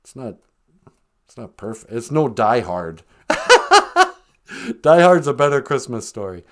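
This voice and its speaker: Joking man with very lively pitch. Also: slow. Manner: rambling, joking, laughs at own jokes. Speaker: live stream host. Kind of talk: casual comic storytelling.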